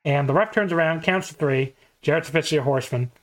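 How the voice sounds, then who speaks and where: Laughing, animated podcast host. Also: mid-range voice, fast talker. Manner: animated retelling with frequent laughter. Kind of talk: casual chat, recapping a wrestling match.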